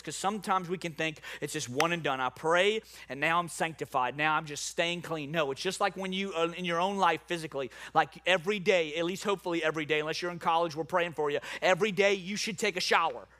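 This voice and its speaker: A middle-aged man with a New Orleans accent preaching a sermon. He starts low and quiet, then builds to loud preaching. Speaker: pastor.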